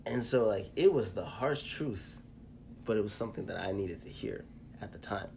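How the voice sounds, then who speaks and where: A man co-hosting a podcast, telling a personal story in a casual, halting way. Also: on the low side, expressive, gravelly, darkish tone, slight background noise. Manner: storytelling, halting with fillers and restarts. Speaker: podcast co-host. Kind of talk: casual chat.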